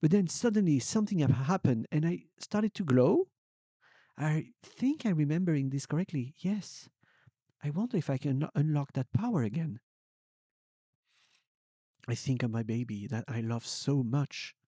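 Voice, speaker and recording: A young man streamer reading fan fiction aloud as a comic dramatic reading, swinging between hushed and loud. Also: fairly high pitch, lively intonation, normal speed, pauses often, no room sound, clean studio sound.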